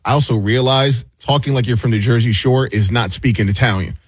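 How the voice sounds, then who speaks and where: A man's voice: mid-range voice, a little fast, slightly rough, no echo. A man on a talk panel, teasing the others with jokes. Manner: teasing, jokey. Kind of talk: casual banter.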